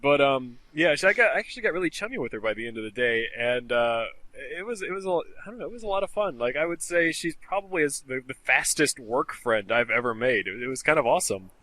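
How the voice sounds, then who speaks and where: Male podcast co-host, bright tone, dry close sound, easygoing joker. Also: mid-range voice, fast talker, hardly any pauses, no echo. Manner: relaxed anecdotal, jokey. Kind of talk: casual chat.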